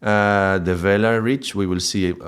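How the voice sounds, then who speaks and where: A man explains a lesson in a somewhat low voice. He talks haltingly, repeating and restarting words and checking in with a quick "yeah?" as he goes. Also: fairly even intonation, clear, resonant tone. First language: Spanish. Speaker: mantra teacher.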